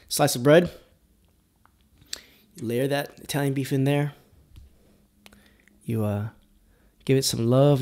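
A man's voice: medium pitch, a little mellow. A man hosting a food podcast, talking in a rambling, playful way with lots of fillers and a put-on country drawl. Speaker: podcast host. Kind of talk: casual food podcast monologue.

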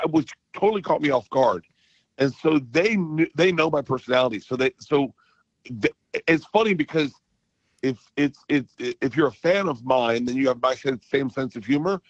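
Man, comedian guest, excitable storyteller, dry muffled line. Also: mid-range voice, moderate pace, no room sound. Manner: excitable storyteller, loud impressions. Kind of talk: casual radio interview.

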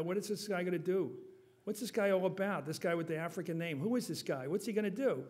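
A man answering audience questions at a forum, emphatic and animated, quick to joke. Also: on the high side. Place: university forum hall.

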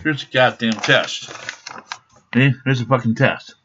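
A man's voice: medium pitch, steady tone, a little slow, fairly bright tone, a little hiss or hum. A man in his fifties ranting angrily to his camera, swearing constantly in a blunt, aggrieved way. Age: 50s. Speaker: vlogger. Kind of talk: angry rant to camera. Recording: dull lo-fi webcam sound.

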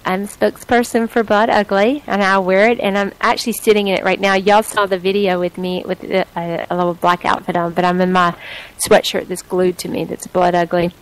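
A woman's voice: lowish voice, flat delivery, brisk, clear, resonant tone, poor audio. A middle-aged woman hosting a radio talk show, with a playful put-on Southern accent and a chatty, rambling way of talking. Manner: chatty, rambling, laughs often. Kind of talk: casual radio chat.

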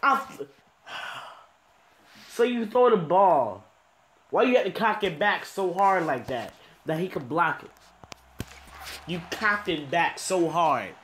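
A young man giving frustrated gameplay commentary, swinging between low muttering and exasperated, swearing outbursts. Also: lively intonation, slow, long pauses, a bit bright, slight background noise. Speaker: gaming commentator.

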